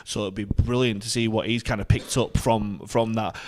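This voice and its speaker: A man co-hosting a casual sports podcast, relaxed and opinionated, often repeating words as he thinks. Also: lowish voice, normal speed. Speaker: podcast co-host.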